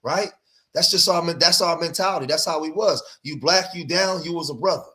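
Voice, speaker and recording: A man's voice: a little high, brisk, pushed and bright. A man hosting a livestream, reacting to clips in emphatic commentary and repeating phrases for emphasis.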